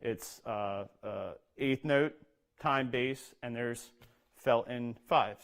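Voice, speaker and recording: A man's voice: mid-range voice, fairly even intonation, slow. A man who is a percussion instructor, explaining drum exercises step by step and often checking in with "okay?". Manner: explains step by step, says "okay?" often, speaks rudiment names in a rhythm. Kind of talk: instructional talk with demonstration.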